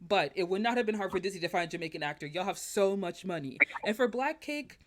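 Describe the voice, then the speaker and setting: A woman guest on a podcast, talking as a film critic with fired-up conviction. Her voice sits at an ordinary middle pitch for a woman. She presses her points hard and shifts from calm to heated as she speaks her mind. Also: fast, a little hiss or hum. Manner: passionate and emphatic, ranting opinions. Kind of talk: casual podcast chat.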